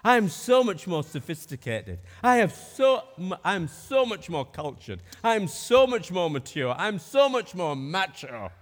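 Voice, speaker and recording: Preacher doing a sneering, boastful snob; haughty, mocking, raised voice. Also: male voice, high voice, very animated, a little slow, few pauses, big-room sound, voice pushed up. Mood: scornful. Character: smug boastful person sneering at others.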